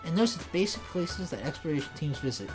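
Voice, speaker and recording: A woman's voice: deep voice, fast talker, music in the background, pitched below the performer's own voice. A woman voicing an eager, humble young male beaver Pokémon with a put-on folksy Southern drawl. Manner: folksy Southern drawl, excitable, says 'by golly'.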